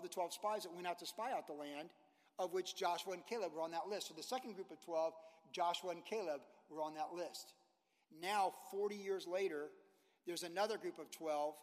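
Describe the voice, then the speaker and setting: A man preaching a sermon as a pastor, animated, acting out biblical figures and using casual sports talk. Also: high-pitched, big-room sound.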